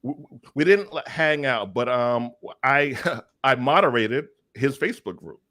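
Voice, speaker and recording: A man in his forties, a guest on an interview show, talking in a relaxed, easygoing way with casual slang. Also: mid-range voice, measured pace, no room sound, clean studio sound. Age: 40s.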